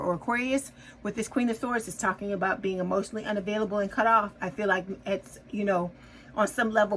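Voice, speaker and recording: A woman with a mid-range, somewhat bright voice gives her viewers a casual tarot reading, chatty and reassuring, frequently asking "okay?" The recording is low quality, with slight background noise.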